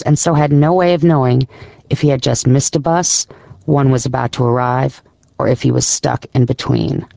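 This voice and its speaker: A man narrating an audiobook story in a measured, descriptive storytelling manner. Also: a little high, vocal fry, darkish tone, dry recording. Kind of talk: scripted narration.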